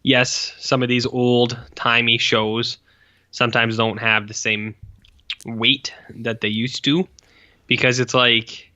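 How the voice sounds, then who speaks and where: A man's voice: medium pitch, fairly even intonation, takes it slowly, sharp tone, muffled recording. A man in his forties co-hosting a podcast, chatting casually about an old film with rambling, profane asides and lots of fillers. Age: 40s. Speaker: podcast co-host. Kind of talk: casual film review chat.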